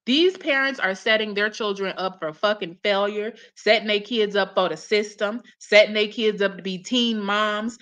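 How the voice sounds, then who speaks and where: Blunt, scolding woman with a bright voice. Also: mid-range voice. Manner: blunt, scolding, swears heavily; mocks others in put-on voices. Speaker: reaction commentator. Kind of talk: profane reaction commentary.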